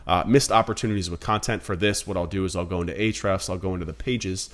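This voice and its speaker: A man's voice: deep voice, steady tone, fast talker. A man in his thirties giving a casual screen-recorded marketing tutorial, blunt and conversational, calling viewers guys. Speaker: marketing instructor.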